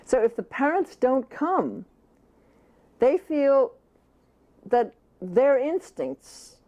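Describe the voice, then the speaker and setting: A woman's voice: high voice, big pitch swings, extremely slow, mellow, highs cut off. A woman author answering interview questions earnestly, stressing her points by repeating phrases and sometimes speaking in a baby's first person.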